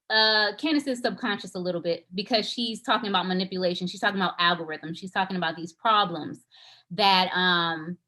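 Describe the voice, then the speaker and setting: A woman's voice: mid-range voice, fairly bright tone. A young woman, the writer and director, talking casually to her cast on a video call and then reading a script's stage directions aloud. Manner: chatty, effusive, reads stage directions aloud. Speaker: writer and director leading a table read.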